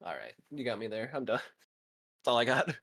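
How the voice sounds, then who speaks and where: A man's voice: medium pitch, sing-song, moderate pace, creaky, a bit bright. A man in his twenties chatting casually with a friend, swearing now and then and reading facts aloud. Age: 20s. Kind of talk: casual chat.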